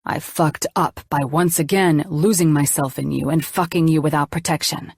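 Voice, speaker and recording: A woman's voice: low voice, steady tone, normal speed, breathy edge, dry recording. A woman doing a cursing, heated male doctor. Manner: swearing, pleading. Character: angry young male doctor, defensive lover.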